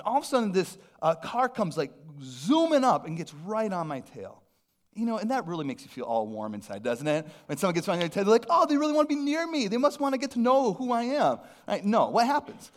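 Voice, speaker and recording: Male pastor, sermon, fairly high voice, swooping lively pitch, self-deprecating humor, animated. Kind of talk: sermon with personal storytelling.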